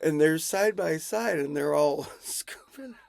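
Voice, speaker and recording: Man, gravelly rambling storyteller, slow casual delivery, dry close-miked sound. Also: fairly high pitch, animated, no echo. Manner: rambling, chuckling, self-correcting.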